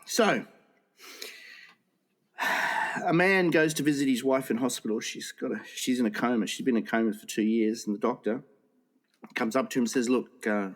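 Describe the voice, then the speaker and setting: A man's voice: medium pitch, normal speed, pauses often. A man co-hosting a casual comedy podcast. He rambles through jokes and laughs at his own punchlines. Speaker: podcast co-host.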